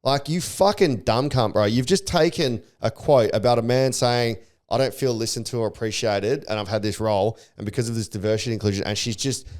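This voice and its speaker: A man's voice: medium pitch, a little fast, few pauses, a little mellow. A man co-hosting a podcast, talking bluntly in casual chat and swearing often as he rants. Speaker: podcast co-host.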